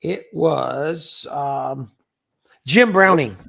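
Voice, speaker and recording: Speaking very slowly, a livestream host greets viewers by name and chats casually, reading their names aloud. His voice is a little high, gravelly and a bit bright.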